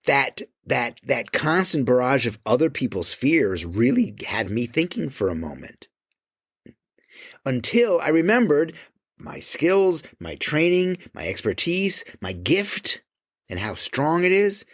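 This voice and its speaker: A man speaking as a creative coach in an emphatic motivational monologue, swearing casually and dropping to quiet low asides. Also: big pitch swings, unhurried, no room sound, clean studio sound.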